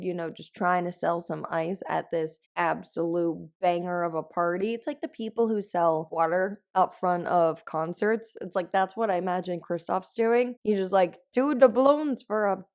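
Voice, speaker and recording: A woman's voice: medium pitch, vocal fry, a little mellow. A woman hosting a podcast in casual chat, gushing and telling stories with animation. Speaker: podcast host.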